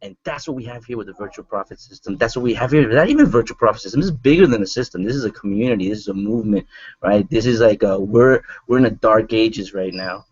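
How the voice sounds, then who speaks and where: A man co-hosting an online marketing broadcast, telling a testimonial story in an animated, rambling way and jumping up in pitch when excited. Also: fast talker, creaky, slightly rough, no room sound. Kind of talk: energetic motivational testimonial. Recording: dull lo-fi sound, dry.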